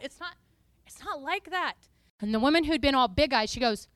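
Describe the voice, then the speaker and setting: A woman preacher gives an animated, playful teaching talk to a live congregation. Her voice sits high and sounds bright and forward. The sound is dry and close. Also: normal speed, no room sound. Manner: animated, playful, breaks into sung and spoken snippets.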